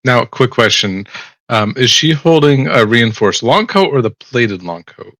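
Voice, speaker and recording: A man's voice: mid-range voice, expressive, unhurried, a bit bright, no echo. A man playing a tabletop game, chatting casually and asking about the rules. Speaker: player.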